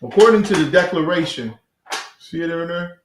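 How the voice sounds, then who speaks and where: A man runs an informal scripture class, mocking what he reads with loose slang and a lively, sharply rising and falling delivery. His voice sits high and bright. The room around him is echoey. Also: moderate pace. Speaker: class leader.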